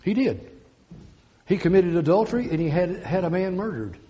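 A man preaching a sermon, declaiming scripture slowly and swinging from loud emphasis to quiet intensity. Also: sits high, very animated.

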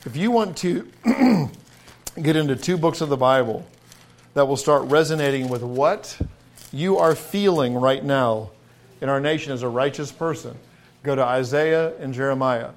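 A middle-aged man preaching a sermon in a folksy way, building to emphatic, drawn-out stresses on key words. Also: medium pitch.

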